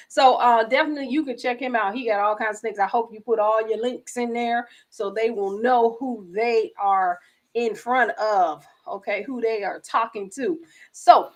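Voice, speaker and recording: Chatty, laughing woman hosting a livestream. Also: on the high side. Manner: chatty, laughs often, self-teasing. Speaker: host.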